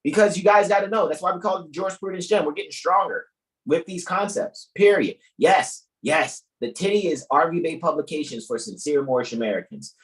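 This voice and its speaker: A man's voice: a little high, a little fast, rough recording. A man hosting an online study group over a video call, lecturing in a profane, emphatic, joking way. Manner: profane, emphatic, preachy with jokes.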